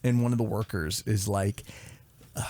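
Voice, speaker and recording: A man's voice: lowish voice, fairly even intonation, moderate pace, dark tone. A man co-hosting a podcast, chatting casually and telling rambling stories. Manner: loose storytelling, mimics voices. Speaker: podcast co-host. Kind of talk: casual chat.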